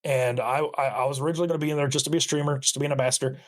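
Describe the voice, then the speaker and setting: Earnest, fast-talking man, swearing casually. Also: mid-range voice, steady tone. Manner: earnest, profane, fast bursts. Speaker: podcast guest and streamer. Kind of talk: casual podcast chat.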